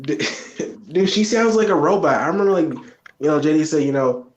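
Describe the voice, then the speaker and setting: A man co-hosting a casual wrestling podcast, opinionated and quick to agree. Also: fairly high pitch, animated, lo-fi sound. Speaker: podcast co-host. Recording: roomy echo.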